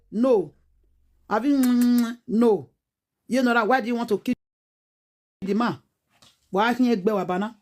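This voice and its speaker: Nigerian woman, 40s, warm low-bright tone, preachy pidgin rant. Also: moderate pace. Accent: Nigerian Pidgin English. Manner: preachy, scolding, rhetorical questions. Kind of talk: animated casual rant.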